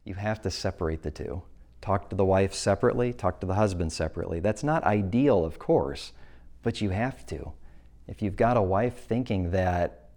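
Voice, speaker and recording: A man's voice: sits low, moderate pace, dark tone. A man giving a church presentation to an audience, speaking earnestly and plainly, often correcting himself mid-sentence. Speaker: speaker at a church talk on abuse.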